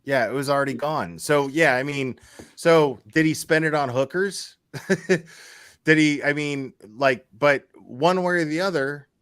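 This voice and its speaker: A man's voice: fairly high pitch, a little slow, fairly bright tone, smooth, dry recording, clean studio sound. A man hosting a casual chat, venting heatedly and swearing often, repeating himself as he talks. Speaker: YouTube channel host.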